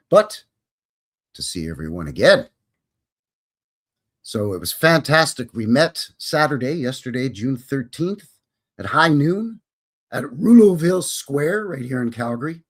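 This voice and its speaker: A man hosting a casual livestream, jokey and upbeat as he greets viewers by name. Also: mid-range voice. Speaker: host.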